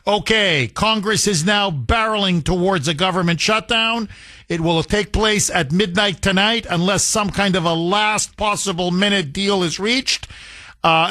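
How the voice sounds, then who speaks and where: A man's voice: high voice, pushed and bright. A man hosting a talk radio show, delivering a combative, emphatic monologue and hammering points home with repetition. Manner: combative, emphatic, repeats phrases for punch.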